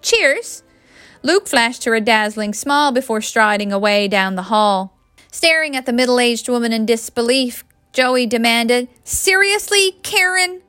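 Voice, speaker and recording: Bright woman reading a story. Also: fairly high pitch, steady tone, normal speed, smooth, no room sound, clean studio sound, faint music behind. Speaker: audiobook reader. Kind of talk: storybook narration.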